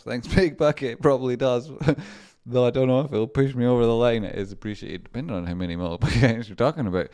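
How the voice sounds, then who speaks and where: A man's voice: medium pitch, fast talker, hardly any pauses, darkish tone. A man running a casual livestream as a stock trader, rambling through chart talk and thanking donors, swearing and laughing often.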